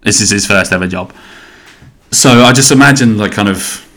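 A man's voice: fairly low pitch, normal speed, fairly bright tone. Rambling sweary man. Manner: rambling, sweary, self-interrupting. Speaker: podcast host. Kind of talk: solo casual chat.

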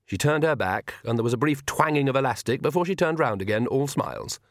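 A man reading a comic fantasy novel aloud as audiobook narrator, in an even, measured storytelling manner. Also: mid-range voice, no echo, studio quality. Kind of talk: scripted narration.

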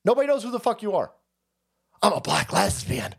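A man's voice: high voice, huge pitch swings, fairly quick, vocal fry, husky, full character voice. A man voicing a mocking impression of an indignant woman film director, sneering and defensive. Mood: scornful. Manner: sneering mockery.

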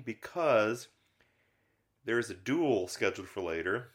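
A man's voice: mid-range voice, moderate pace, fairly bright tone. A man co-hosting a casual film podcast, rambling with lots of fillers and restarts. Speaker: podcast co-host reviewing films. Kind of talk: casual chat.

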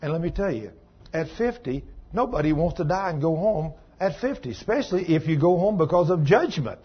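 A man's voice: on the high side, lively intonation, fairly quick, breathy edge, muffled recording. A man preaching a sermon, swinging into rising, emphatic exhortation as he urges his listeners on.

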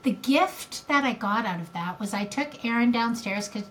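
A woman's voice: a little high, lively intonation, moderate pace, background noise. Older woman, emotional rambling storyteller. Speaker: podcast co-host. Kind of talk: casual chat.

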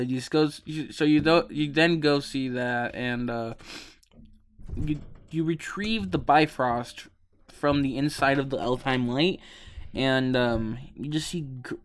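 A man's voice: mid-range voice, clean tone. A sleepy young man hosting a podcast, recapping a video game in a rambling, casual way with lots of ums and swearing. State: sleepy, yawning. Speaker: podcast host.

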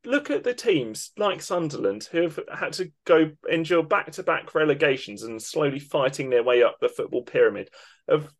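A man's voice: a little high, animated, moderate pace. A man co-hosting a football podcast, ranting with emphatic indignation. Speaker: podcast co-host. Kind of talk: opinionated football podcast rant.

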